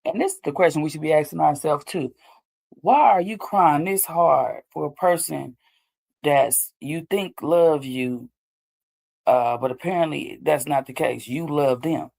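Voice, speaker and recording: A woman's voice: low voice, unhurried, vocal fry, a little mellow. A woman hosting a show, talking casually and loosely about healing after heartbreak, often asking "you know what I'm saying". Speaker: host. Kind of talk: casual advice talk.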